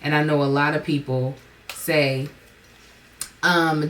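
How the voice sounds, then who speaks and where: Woman, content creator, podcast host, chatty, low pitch, faint background noise. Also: steady tone, slow pace, pauses often, fairly bright tone. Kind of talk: casual chat.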